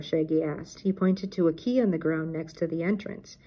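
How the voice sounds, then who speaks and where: Brief: older woman reading a kids' book aloud, husky, lowish voice. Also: moderate pace, hardly any pauses, mellow, rough recording.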